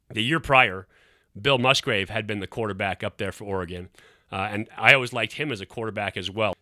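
A man's voice: lowish voice, dry recording, clean studio sound. A middle-aged man, a former quarterback hosting his show, telling a story casually and acting out the quotes. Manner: animated, acts out quotes.

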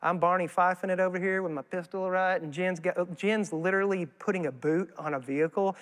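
Man, high voice, folksy animated sermon, long church reverb. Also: fairly quick. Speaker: guest preacher. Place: church sanctuary.

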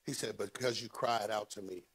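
A man preaching a sermon, swinging between loud rises and low hushed asides. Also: fairly even intonation, normal speed, breathy edge. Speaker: pastor.

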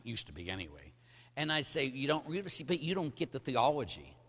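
A middle-aged male priest preaches with a fairly high voice that swings widely up and down, hammering his points with sudden loud bursts. His sermon rings with long reverberation through a large hall. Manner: emphatic, acts out stories with bursts of loud emphasis. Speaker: Catholic priest. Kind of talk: sermon to men.

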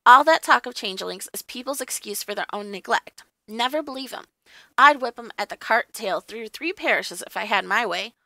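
A woman's voice: on the high side, expressive, moderate pace, sharp tone, no echo. A woman voicing Puck, a sly, ancient male hill sprite who tells tales in a twinkling, knowing way, in an audiobook reading. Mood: stern.

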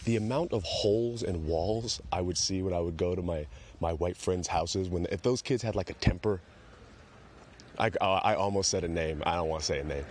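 A man's voice: low-pitched, moderate pace, darkish tone, husky. A young man hosting a solo comedy podcast, rambling and cursing with self-mocking humor. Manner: rambling, profane, self-mocking comic delivery.

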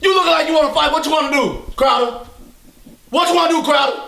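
A man impersonating a loud, cocky basketball star who trash-talks his teammates in a very high, bright voice with lively swings. He yells constantly, and the echo of a bare room rings around him. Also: quick pace, gravelly, full character voice. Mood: angry. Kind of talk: comedy sketch. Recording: echoey room.

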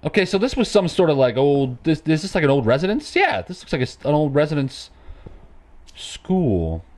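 A man's voice: fairly high pitch, sing-song, moderate pace, darkish tone. A man hosting a horror game video, rambling and joking nervously as he plays. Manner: rambling, jokey, jumpy and nervous. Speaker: gaming video host. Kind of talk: casual let's play commentary.

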